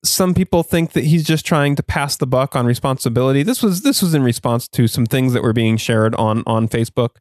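A man's voice: medium pitch, a little fast, few pauses, a little mellow, dry recording, studio quality. Laughing, chatty male podcast host. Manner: chatty, laughs often, many fillers. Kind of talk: casual chat with ad read.

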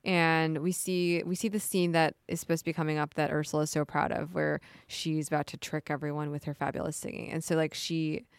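A woman's voice: low-pitched, a little fast, few pauses, clean tone, no echo, clean studio sound. A young woman co-hosting a podcast, chatting casually and retelling scenes with lots of "like". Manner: chatty, peppered with "like", animated retelling. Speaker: podcast co-host. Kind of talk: casual TV recap chat.

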